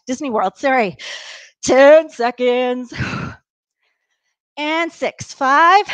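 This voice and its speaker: A woman's voice: sits high, dry recording. A woman leading a live workout class, upbeat and encouraging, counting down reps and a bit out of breath from exercising along. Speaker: fitness instructor.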